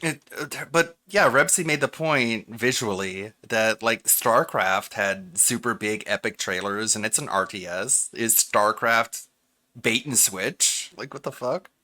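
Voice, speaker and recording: A man's voice: fairly low pitch, unhurried, bright, forceful tone. A man making dry, sarcastic asides during casual stream chat.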